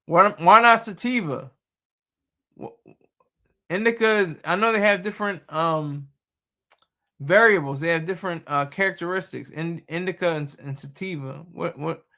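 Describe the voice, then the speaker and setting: Young male streamer, bright gravelly voice, loose joking delivery, laughs a lot. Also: fairly high pitch, normal speed. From Delaware. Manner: joking, laughs often, rambling. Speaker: livestream host. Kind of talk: casual live chat.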